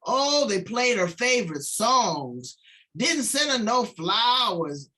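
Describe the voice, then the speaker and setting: A middle-aged woman hosts a casual talk show, telling stories and acting out what people said. Her voice sits high and sounds bright and forceful. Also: slow pace. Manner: animated storyteller, acts out quotes. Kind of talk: casual chat interview.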